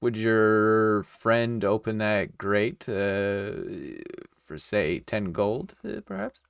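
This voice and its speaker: A man's voice: fairly low pitch, animated, drawn-out words, gravelly, clean tone, no echo, studio quality, heavily acted. A man voicing a courteous, laid-back male adventurer. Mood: polite.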